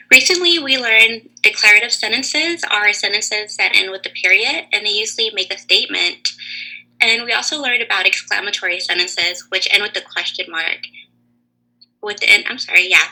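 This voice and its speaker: A woman teaching a lesson to young children over a video call, asking slow, clear, encouraging questions. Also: medium pitch, pushed and bright, low-quality recording.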